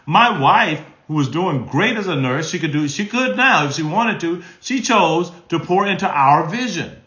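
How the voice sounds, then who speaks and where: A man's voice: a little high, expressive, normal speed, sharp tone, echoey room, muffled recording. A man in his sixties, a marriage counselor answering live questions in a folksy, emphatic way. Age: 60s. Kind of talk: live stream Q&A.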